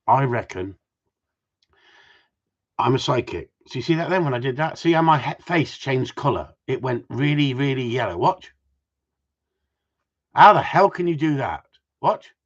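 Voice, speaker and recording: Muffled, lo-fi audio captures a gundog trainer with a mid-range, breathy voice. He's outdoors in the cold, chatting casually with viewers, reading their comments, and joking as he rambles on.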